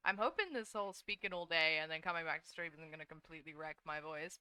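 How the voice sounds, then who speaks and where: A woman's voice: sits low, quick pace, hardly any pauses, pushed and bright, clean tone, dry recording. A young woman streaming as a VTuber, chatting casually and sleepily with her viewers while she draws, swearing now and then. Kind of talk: casual live-stream chat while drawing.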